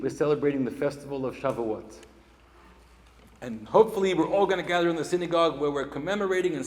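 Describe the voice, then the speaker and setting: Israeli man, fairly high voice, commencement speaker, emphatic and questioning, echoey hall with long reverb. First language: Hebrew. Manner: emphatic, asks the audience questions. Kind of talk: graduation speech to an audience. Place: large event hall.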